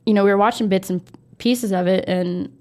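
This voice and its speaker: A woman's voice: medium pitch, fairly even intonation, a little fast, a little mellow. A young adult woman co-hosting a casual chat, talking in a hesitant, easily spooked way with many fillers. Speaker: co-host.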